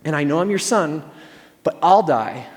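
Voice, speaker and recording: Man putting on a relaxed coaxing son, casual and soft, high voice, long hall echo. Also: normal speed, natural voice. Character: easygoing young man coaxing his stern father.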